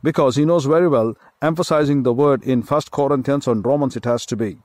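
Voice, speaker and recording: A man with an Indian English accent delivers a sermon, building slow, emphatic lines out of repeated phrases. His voice sits at an ordinary middle pitch, and the recording is dry and close, with little room sound. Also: darkish tone, no echo. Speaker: pastor.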